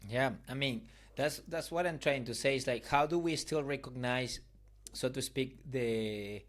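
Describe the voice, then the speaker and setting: A man's voice: medium pitch, unhurried, a bit bright. A man hosting a podcast, reasoning aloud in a conversation and often asking whether he makes sense. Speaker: podcast host. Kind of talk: explanatory conversation.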